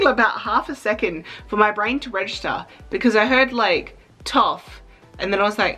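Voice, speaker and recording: A young woman vlogging in a chatty, excitable way, fighting back tears as she talks. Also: mid-range voice, a little slow, faint music behind, rough recording. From Australia. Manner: chatty, excitable, emotional, trying not to cry. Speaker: cosplay vlogger. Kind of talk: casual vlog talk.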